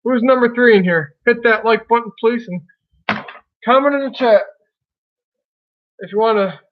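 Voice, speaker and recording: Man, high-pitched, chatty live streamer, muffled lo-fi sound. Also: normal speed. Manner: chatty, folksy, greets chat by name. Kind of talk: casual live stream chat with viewers.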